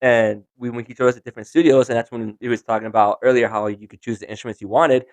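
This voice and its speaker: A drummer in a band talks easily and with enthusiasm about recording at a studio. His voice sits at an everyday pitch, and it is recorded close and dry. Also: little pitch movement, quick pace, a little mellow, no room sound. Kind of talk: casual chat.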